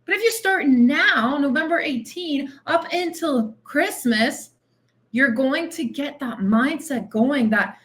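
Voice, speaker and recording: A woman's voice: high voice, animated, slow, a bit bright. A woman weight loss coach giving a direct, tough-love motivational monologue on her podcast, repeating phrases for emphasis.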